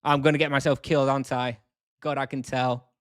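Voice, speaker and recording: A man's voice: mid-range voice, level tone, brisk, dry recording, studio quality. A man live-streaming a video game, thinking aloud, chatting casually and answering questions from chat.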